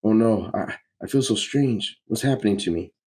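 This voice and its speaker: A man's voice: lowish voice, moderate pace, warm tone, lightly acted. A man voicing a frantic male comic-book speedster, urgent and alarmed. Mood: panicked.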